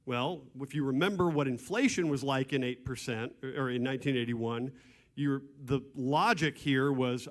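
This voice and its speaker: A man giving an explanatory lecture with slides to an audience, halting, with frequent restarts and throat clearing. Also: medium pitch. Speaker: presenter at a church civics class. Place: meeting room with an audience. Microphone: microphone.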